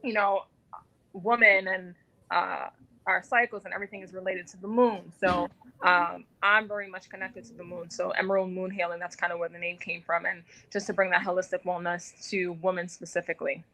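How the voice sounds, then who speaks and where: A woman's voice: lowish voice, flat delivery, brisk, pushed and bright, poor audio. A woman giving a casual radio interview as an actress and guest, talkative with many filler words.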